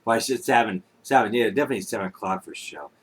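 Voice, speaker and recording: A man's voice: fairly low pitch, quick pace. A man co-hosting a casual banter show, joking and teasing his partner with bursts of laughter. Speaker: podcast co-host. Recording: faint background noise and clicks.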